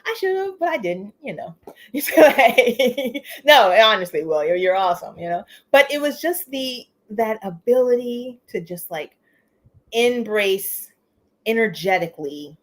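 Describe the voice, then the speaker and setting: A woman hosting a casual live stream, talking in an animated, chatty way, laughing often and tagging lines with "you know" and "okay?". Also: medium pitch. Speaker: livestream host. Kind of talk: casual livestream chat.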